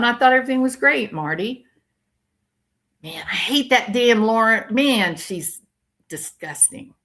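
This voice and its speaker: A woman's voice: mid-range voice, vocal fry, sharp tone. An older woman hosting a casual true crime commentary livestream, ranting and reacting to viewer comments as they come in.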